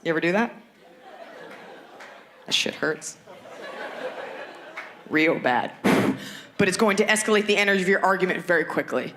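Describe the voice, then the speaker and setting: A woman in her thirties doing a brash, profane stand-up comedy routine on stage, dropping into shrill acted voices. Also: expressive, moderate pace, pauses often, background noise.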